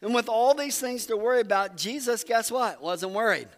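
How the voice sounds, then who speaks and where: High-voiced man preaching in a reverberant hall. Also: moderate pace. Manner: conversational, earnest storytelling preaching. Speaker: pastor. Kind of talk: sermon.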